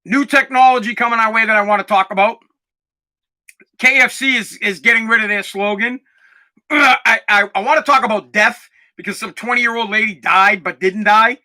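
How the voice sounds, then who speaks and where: High, sharp-voiced angry man in his forties. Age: 40s. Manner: aggravated, profane, bursts into shouting. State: dusty throat, clearing it and coughing. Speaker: podcast host. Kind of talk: angry ranting monologue.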